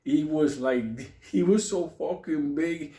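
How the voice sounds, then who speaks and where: A man's voice: fairly high pitch, slow. A man telling a comic story from his youth, cursing freely and laughing as he goes. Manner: profane, animated, laughs while telling.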